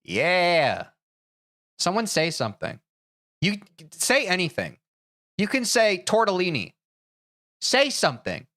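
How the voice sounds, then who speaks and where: A man's voice: high voice, wildly swooping pitch, slow pace, pauses often, sharp tone. A young man livestreaming a game, chatting casually with viewers, self-mocking and swearing freely. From United States. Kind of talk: casual chat with viewers while gaming.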